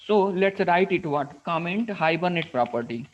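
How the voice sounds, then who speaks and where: High-voiced man with an Indian accent, teaching code. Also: expressive, moderate pace, a little hiss or hum. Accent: Indian English. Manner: repeats "what is that?" and "right?" while explaining step by step. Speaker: programming instructor. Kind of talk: live coding lesson. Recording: dull lo-fi screen recording.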